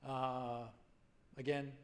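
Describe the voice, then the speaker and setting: A man in his forties telling his own story to a symposium audience, halting and emotional, full of restarts and fillers. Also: mid-range voice, level tone, fairly bright tone. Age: 40s. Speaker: patient speaker at a medical symposium. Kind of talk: personal story told to an audience. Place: conference hall.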